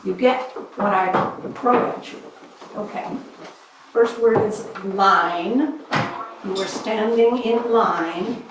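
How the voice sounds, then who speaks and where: Slow, firm 1800s spelling-bee teacher, played by a woman. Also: mid-range voice, far from the mic, lightly acted. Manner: firm, deliberate instructions. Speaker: schoolteacher reenactor. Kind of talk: living-history classroom reenactment. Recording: echoey room from afar, noisy.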